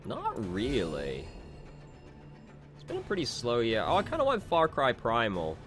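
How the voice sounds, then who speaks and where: A man's voice: medium pitch, huge pitch swings, unhurried. A man hosting a let's play, chatting casually and rambling, with frequent restarts and swearing, close to the mic. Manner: rambling, self-interrupting, casually profane. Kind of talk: casual gameplay commentary. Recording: game music playing underneath.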